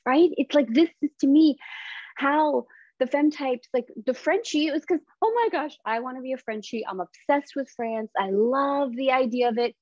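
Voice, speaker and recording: A woman's voice: high voice, moderate pace, no room sound. A woman being interviewed, speaking earnestly and reflectively, acting out inner thoughts as quoted lines. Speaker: guest, business founder. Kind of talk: casual interview conversation. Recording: slightly dull, lo-fi sound.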